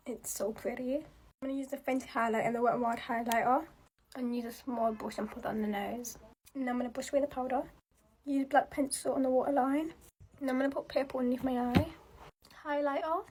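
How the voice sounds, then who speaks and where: A young woman narrates her makeup routine in a relaxed, chatty way, moving from step to step with lots of filler words. Her voice sits high and has a soft, mellow tone. It sounds like an everyday tutorial voiceover. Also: brisk, a little hiss or hum. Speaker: makeup content creator.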